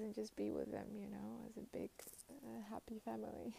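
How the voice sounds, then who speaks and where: A young woman from Ukraine, vlogging outdoors at a snowy train station in a halting, reflective way with many fillers. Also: mid-range voice, little pitch movement, creaky, warm tone, slight background noise, low-quality recording. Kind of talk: casual personal vlog.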